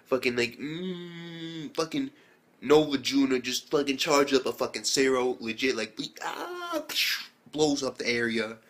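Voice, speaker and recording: A man with an ordinary, middle-pitched voice rambles through an anime review. He swears freely and slips into quick impressions of the characters as he retells the fight scenes. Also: fairly even intonation. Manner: rambling, profane, acts out characters' lines. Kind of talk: casual spoken review.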